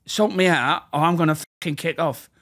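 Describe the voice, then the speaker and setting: A man putting on a whiny, shrill scrawny addict inmate. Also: normal speed, fairly bright tone, slight background noise, lightly acted. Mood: agitated. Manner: whiny, threatening, high-pitched outbursts.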